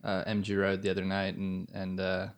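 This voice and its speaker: A man co-hosting a casual podcast, telling stories in a halting way with many pauses and fillers. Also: low-pitched, completely flat delivery. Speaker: podcast co-host, audio engineer.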